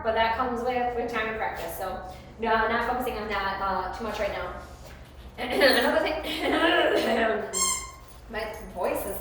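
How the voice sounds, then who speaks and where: A woman training a dog, talking through the lesson in a chatty, coaxing way, her voice getting a little hoarse. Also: on the high side, a bit bright, slight background noise. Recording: very echoey room.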